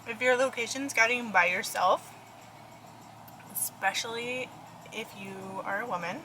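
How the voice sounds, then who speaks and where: A young woman photographer vlogs casually from her car and a restaurant, rambling along with plenty of fillers. Her voice is on the high side at a measured pace, with music in the background and low recording quality.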